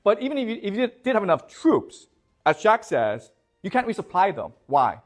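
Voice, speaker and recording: A man's voice: high-pitched, sing-song, soft background music. A male professor from China lecturing a class, firing questions at the students and checking "okay?" after nearly every point, often repeating words as he pushes on. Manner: quizzes the class with rapid questions, tags "okay?" constantly.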